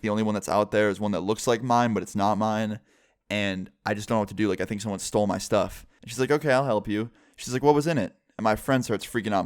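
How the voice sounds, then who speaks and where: A young man telling a rambling, excitable story to camera in a casual vlog style, full of "like" and acted-out quotes. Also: fairly low pitch, dry recording, studio quality. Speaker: vlogger.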